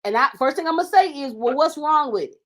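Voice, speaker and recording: A woman's voice: high voice, expressive, quick pace. Emphatic woman talk show co-host. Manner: emphatic, keeps cutting in with "wait". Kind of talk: casual panel debate.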